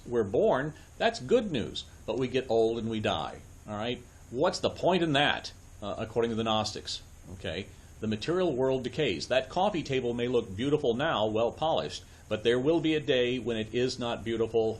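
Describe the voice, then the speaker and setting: A man giving a conversational Bible study lecture at a church, often checking in with his listeners and adding dry asides. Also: mid-range voice. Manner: loose, with frequent fillers and dry asides.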